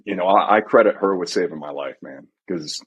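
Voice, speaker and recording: A middle-aged man with a low, husky voice answers interview questions haltingly. He speaks softly and leans on filler words as he works through each thought. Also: muffled recording. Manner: halting, soft, frequent fillers. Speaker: guest, retired pararescueman. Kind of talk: reflective interview.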